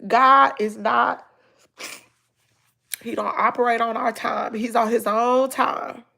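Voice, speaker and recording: Tearful Southern woman with a gravelly voice. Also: on the high side, fairly even intonation, slow pace, sharp tone. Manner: tearful, heartfelt, talking straight to viewers. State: crying, nose stuffed up. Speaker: family vlogger. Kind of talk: emotional livestream talk to viewers.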